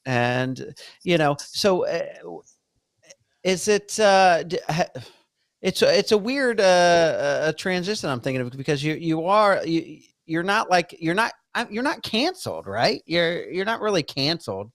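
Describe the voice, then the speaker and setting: A man co-hosting a casual podcast chat, speaking haltingly and restarting his sentences often. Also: on the high side, big pitch swings, no room sound, clean studio sound. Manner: halting, lots of fillers and restarts. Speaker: podcast co-host.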